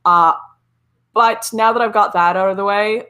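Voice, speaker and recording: A woman with a Canadian accent, a guest on a casual livestream interview, chatty and quick to laugh, with lots of filler likes. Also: medium pitch, steady tone, bright, forceful tone, smooth.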